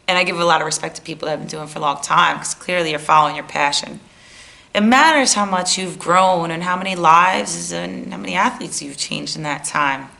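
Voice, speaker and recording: A woman softball hitting coach lectures other coaches, blunt and animated, scolding with humor. Her voice is bright and forceful with a gravelly rasp. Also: fairly low pitch. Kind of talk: motivational coaching talk.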